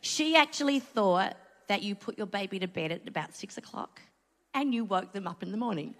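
A woman's voice: medium pitch, expressive, normal speed. A middle-aged Australian woman giving a sermon, telling a personal story in a chatty, earnest way with asides. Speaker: church speaker. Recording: long hall reverb.

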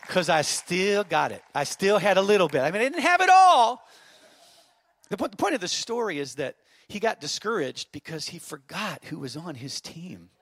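A man in his fifties, a pastor preaching a sermon, telling a story and then building to fervent shouted exhortation. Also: high voice, sing-song, normal speed, no room sound, a faint crowd. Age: 50s. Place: church auditorium.

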